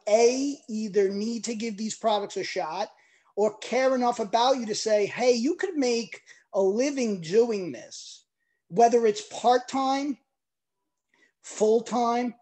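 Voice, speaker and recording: A man in his forties giving an emotional, emphatic testimonial pitch on a video call. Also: dark tone. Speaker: product promoter on a video call.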